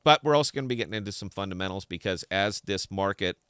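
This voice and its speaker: A man's voice: low voice, expressive, quick pace, a bit bright, clear, resonant tone, no echo, clean studio sound. A man hosting a podcast in an opinionated, heated solo rant, talking with a slight lisp and repeating words as he gets worked up. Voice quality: slight lisp from a dental hole. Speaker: podcast host.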